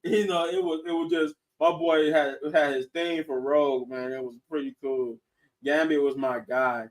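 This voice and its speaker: A man hosting a podcast in casual chat, excitable and laughing often, restarting his sentences as he talks. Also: mid-range voice, normal speed, distant mic. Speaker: podcast host. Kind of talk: casual chat reviewing shows and movies.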